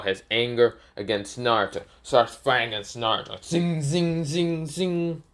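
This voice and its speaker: A man's voice: fairly low pitch, a bit bright. A man casually narrating an improvised fan story, rambling with many fillers and self-corrections.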